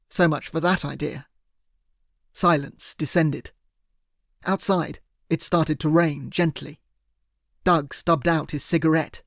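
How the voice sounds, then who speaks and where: A man narrating an audiobook in the first person, in a measured, steady way. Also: on the high side, vocal fry, no echo, clean studio sound.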